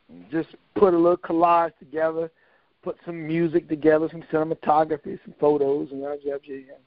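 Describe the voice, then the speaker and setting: A man's voice: sits high, no echo. An older man telling a story in a casual, folksy, joking way. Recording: dull, lo-fi dry recording.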